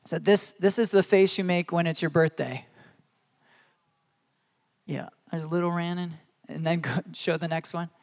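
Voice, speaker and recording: A man's voice: fairly high pitch, fairly even intonation, unhurried, pauses often. A man in his thirties preaching a sermon as a pastor, earnest and conversational, laughing at his own stories.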